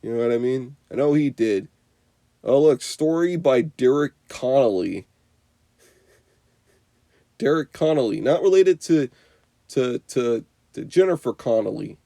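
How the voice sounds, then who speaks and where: A man's voice: medium pitch, expressive, measured pace, vocal fry, long pauses, warm tone, dry recording. A young man giving an unscripted, profane movie review rant, rambling with constant "you know" and "like".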